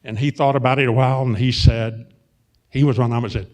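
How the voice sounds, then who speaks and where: A man's voice: mid-range voice, steady tone, fast, a little mellow. An older man from Arkansas with a Southern accent, telling meandering, folksy anecdotes on stage, stopping and restarting with many fillers. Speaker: guest, film and TV producer. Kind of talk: rambling storytelling before a live audience. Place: on stage at a public event.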